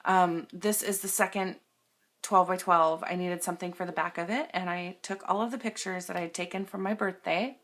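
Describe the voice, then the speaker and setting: A woman's voice: on the low side, fairly even intonation, a little fast, a bit bright. A young woman casually showing her scrapbook pages at home, chatty and self-deprecating, with lots of fillers. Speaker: scrapbooking vlogger. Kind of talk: casual show-and-tell. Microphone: camera mic.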